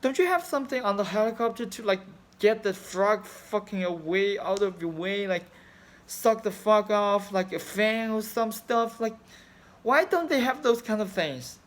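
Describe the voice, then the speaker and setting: A high-pitched, animated man talks at normal speed in an emotional personal vlog. He's a fan in his thirties from China, speaking English non-natively with a Chinese accent, and he rambles about his grief with broken phrasing and frequent swearing.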